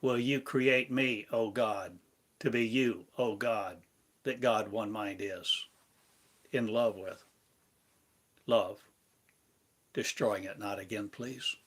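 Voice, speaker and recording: A man giving a meditative spiritual lesson, speaking in slow, repetitive, incantatory phrases. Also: fairly low pitch, a bit bright, breathy edge. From United States. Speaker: spiritual teacher.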